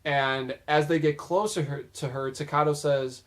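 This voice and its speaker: A man's voice: on the high side, a little slow. A young man casually recapping funny moments from a show, with a slightly strained voice he says he is losing. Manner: casual, chatty, quoting lines in lively put-on voices. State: losing his voice. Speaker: video host recounting show moments.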